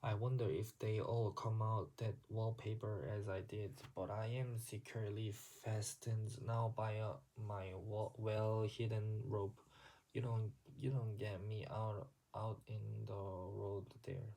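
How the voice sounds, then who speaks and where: A man reading a literary story aloud, haltingly, with frequent slips and restarts. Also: fairly low pitch, flat delivery, mellow, rough recording. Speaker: reader.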